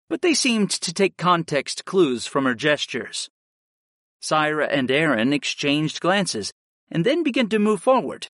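Guy narrating a story audiobook, lively up-down delivery, dry close mic. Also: a little high, no echo. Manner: lively, expressive reading. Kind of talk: first-person audiobook narration.

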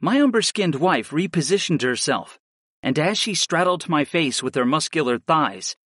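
A man's voice: fairly high pitch, animated, moderate pace, fairly bright tone, slightly rough, dry recording. Man narrating a story, dry close sound. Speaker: audiobook narrator. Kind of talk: scripted first-person narration.

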